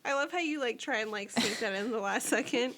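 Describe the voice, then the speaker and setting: High-voiced young woman co-host, swearing. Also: fairly bright tone, a little hiss or hum. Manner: swears a lot, quick reactions. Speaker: podcast co-host. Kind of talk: casual chat, reacting.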